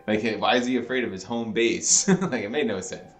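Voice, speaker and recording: Excitable stammering co-host man. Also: mid-range voice, moderate pace. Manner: excitable, stammering restarts, swears. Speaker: podcast co-host. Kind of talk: casual comedic chat.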